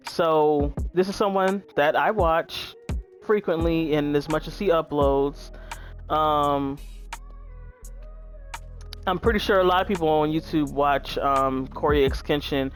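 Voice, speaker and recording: A woman's voice: sits low, slow pace, long pauses, faint music behind. Chatty woman gamer talking to viewers. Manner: chatty, relaxed, says "y'all" and "um" a lot. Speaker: gaming YouTuber. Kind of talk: casual gameplay commentary.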